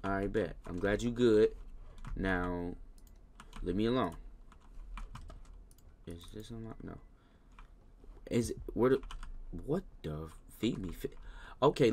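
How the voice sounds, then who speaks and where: A man giving casual let's-play commentary on a game, talking to the characters, slangy, with loud scolding bursts. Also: fairly low pitch, slow, pauses often, a little hiss or hum. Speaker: gaming YouTuber.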